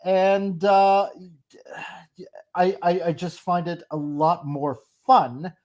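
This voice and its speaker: A man's voice: high voice, steady tone, slow, a little mellow. A man chatting as a podcast guest, eager and stumbling over restarts and fillers. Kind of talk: casual chat.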